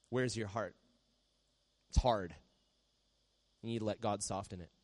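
Conversational preaching man, soft hushed asides. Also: fairly low pitch, unhurried, pauses often. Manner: conversational preaching, drops to a soft hush when quoting prayers. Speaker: pastor. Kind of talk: sermon.

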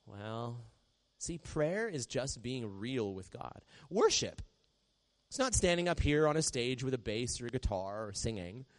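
A man preaching from the stage in a relaxed, talking style. His pitch sits at an ordinary middle level. When he acts out a prayer he drops into a quiet, gentle hush. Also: normal speed, few pauses. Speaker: pastor. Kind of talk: sermon.

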